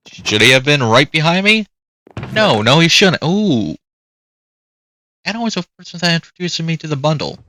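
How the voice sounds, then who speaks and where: Bright-voiced chatty gamer guy. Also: on the high side. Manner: chatty, talks to the game's animals. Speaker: gaming youtuber. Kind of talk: casual gameplay commentary.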